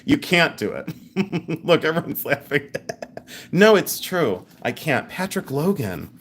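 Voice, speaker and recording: A woman's voice: low-pitched, sing-song, takes it slowly, husky. A middle-aged woman hosting a live jewelry sale in a chatty, joking way, laughing often. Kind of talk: live-stream sales chat.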